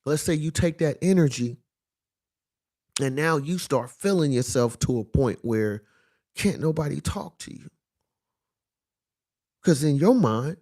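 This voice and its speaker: Speaking slowly with long pauses, this young motivational speaker has a high-ish, darkish voice and lively intonation. His monologue is conversational, peppered with "you know what I'm saying" and "you feel me?"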